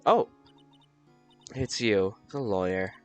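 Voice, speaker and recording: A man voicing an anxious, downcast young woman in a game reading, in a high, shaky voice. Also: takes it slowly, lo-fi sound, soft background music.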